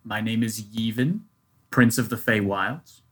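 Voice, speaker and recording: A woman speaking as her fey prince character in a tabletop game, measured and deliberate. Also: rumbling low. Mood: formal.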